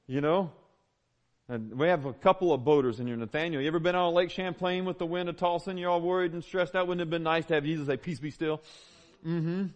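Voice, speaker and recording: A man's voice: a little high, fairly even intonation, fast. A man, preaching a sermon as a pastor, conversational and emphatic with repeated phrases. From Southern United States. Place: church.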